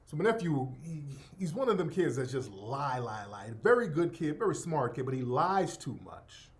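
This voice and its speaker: On his own radio show, a middle-aged host delivers a casual monologue, telling an animated, profane story and bursting into laughter. His voice is a little high and moves at a normal speed.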